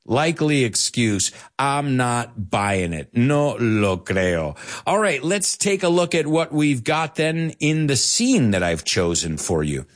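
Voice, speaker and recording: A man teaching English to Spanish speakers, animated, explaining and repeating words as he goes. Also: mid-range voice, slow pace. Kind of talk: bilingual language lesson.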